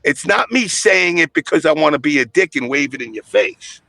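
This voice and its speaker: A man's voice: on the high side, big pitch swings, a little fast, gravelly, bright, forceful tone, dry recording, faint music behind. A man in casual podcast chat, telling stories in a blunt, profane way.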